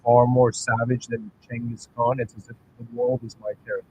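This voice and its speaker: A man's voice: mid-range voice, flat delivery, a little fast, darkish tone, a little hiss or hum, rough recording. A man telling a story in a casual explanatory talk, rambling, correcting himself and often checking in with listeners. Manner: rambling, self-correcting, keeps asking "right?". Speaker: channel host.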